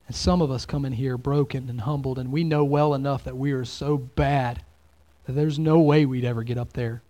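A man preaching a sermon as pastor, swinging between loud exclamations and hushed, near-whispered lines. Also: high voice, fairly quick.

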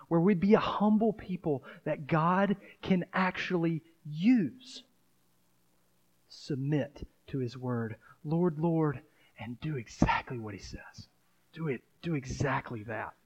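A man's voice: a little high, a little mellow, dull audio. A man preaching a sermon in a conversational style, breaking into dramatic acted asides. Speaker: pastor.

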